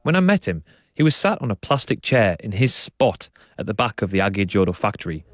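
Calm male documentary presenter. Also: fairly low pitch, brisk. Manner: calm, descriptive storytelling. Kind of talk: documentary narration and on-site reporting.

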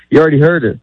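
A man's voice: mid-range voice, no echo. A middle-aged man, a stand-up comedian, talking casually in an interview with rambling, self-deprecating asides. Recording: dull, dry studio sound.

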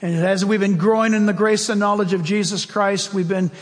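A pastor delivering a sermon in a church, his fairly high voice carrying through a long, ringing hall reverb. He preaches in an animated, storytelling way, jumping up and down in pitch as he acts out his points. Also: a little fast.

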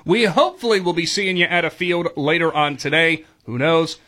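A man's voice: a little high, a little fast, sharp tone. A man co-hosting a radio sports show, jokey and playful in casual banter.

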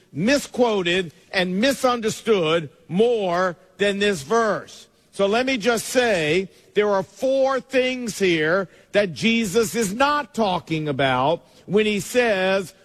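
A middle-aged man, a pastor, preaching a sermon emphatically, his pace speeding up and slowing down. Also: high voice. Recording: long reverb of a large hall.

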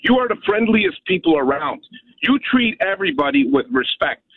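Blunt caller on a tinny phone line. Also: male voice, high-pitched, sing-song, moderate pace, breathy edge, dry recording. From Canada. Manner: blunt, emphatic, keeps asking "okay?". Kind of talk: phone-in rant. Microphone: telephone.

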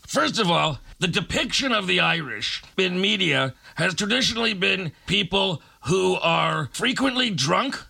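A man's voice: high-pitched, creaky, sharp tone, husky. A man hosting a late-night radio show, delivering a sarcastic, ranting comic monologue.

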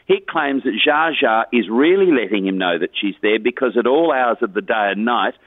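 A man's voice: medium pitch, expressive, moderate pace, dry recording. Brief: man calling into radio with gossip, chatty and chuckling, tinny phone sound. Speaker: entertainment news contributor. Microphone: phone line.

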